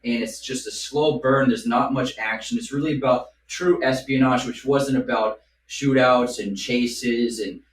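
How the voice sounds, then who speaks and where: A man's voice: medium pitch, fairly even intonation, a little slow, few pauses. A man in his thirties on a podcast, talking casually and playfully. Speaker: podcast host. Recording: echoey room, distant mic, faint noise.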